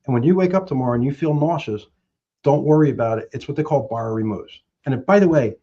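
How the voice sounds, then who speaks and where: A middle-aged man, a mortgage professional, giving animated sales advice and acting out both sides of phone calls. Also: medium pitch, fast, muffled recording. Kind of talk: animated sales coaching talk.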